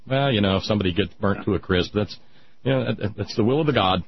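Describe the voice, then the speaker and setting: A man on a radio talk show, talking in a casual, emphatic way that climbs into loud, insistent peaks. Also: on the low side, fast talker, slight background noise. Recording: dry, dull radio audio.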